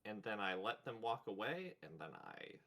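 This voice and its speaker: A player in a tabletop game, talking in a playful, animated way. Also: medium pitch, normal speed. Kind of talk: casual tabletop play.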